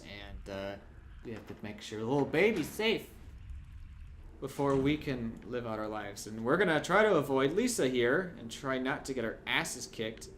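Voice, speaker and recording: Young guy doing let's play commentary, rambly and jokey, mid pitch, faint hiss behind. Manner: chatty, jokey, sudden loud outbursts. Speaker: gameplay commentator.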